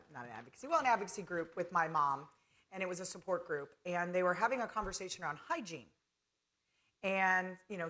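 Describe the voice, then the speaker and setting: A woman's voice: lowish voice, pushed and bright. A middle-aged woman from North Carolina moderating a conference panel, chatty and storytelling with fillers. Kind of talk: conference stage talk.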